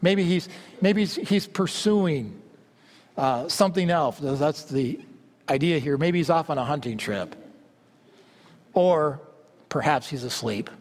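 A man's voice: lively intonation, slow pace, pauses often. Fervent preacher man in a reverberant hall. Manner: fervent, swings from loud exclamations to low asides. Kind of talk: sermon.

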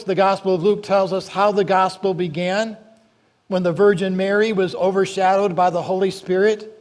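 A male pastor delivering a sermon in a high, light voice. He speaks deliberately and leans on key words, slowing down whenever he reads scripture aloud. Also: darkish tone.

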